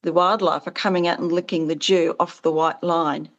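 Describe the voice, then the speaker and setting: Interviewed about the farming support business she founded, a woman speaks at a moderate pace in a lowish, steady voice, captured on a muffled recording. She's earnest and animated in conversation, her pitch leaping whenever she plays out quoted exchanges.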